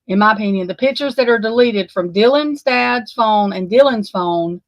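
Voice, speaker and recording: A woman talks through a true crime case, shaken and near tears. She stammers, breaks off mid-sentence and swears often. Her voice sits at an ordinary pitch and is recorded close and dry. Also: no room sound, poor audio. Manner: distraught, halting, swearing, stammering. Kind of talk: emotional unscripted commentary.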